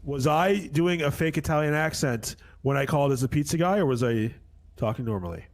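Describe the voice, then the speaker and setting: A man's voice: a little high, a little fast. A man role-playing a police officer who questions a witness in a game courtroom, insistent and pressing. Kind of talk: in-character game role-play.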